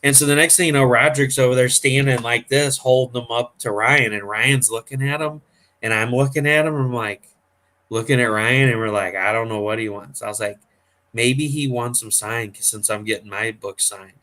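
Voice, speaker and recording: A man's voice: mid-range voice, moderate pace, bright, forceful tone. A man hosting a casual chat, telling long rambling convention stories full of fillers. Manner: rambling storyteller, acts out quoted voices. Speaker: host.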